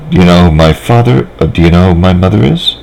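A man reading a story aloud, voicing a serious young girl who speaks in a measured, formal way. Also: sits low, expressive, gravelly, a little mellow, slight background noise, low-quality recording. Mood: composed. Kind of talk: fan fiction reading aloud.

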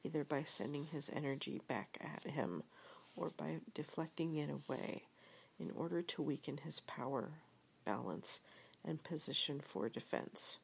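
A woman reading an audiobook in calm, measured scripted narration. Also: sits low, gravelly, husky. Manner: calm, measured, even storytelling.

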